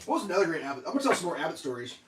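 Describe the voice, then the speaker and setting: A man casually telling rambling dog stories while cooking breakfast on a stream, animated and laughing at his own tales. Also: on the high side, very fast, background noise.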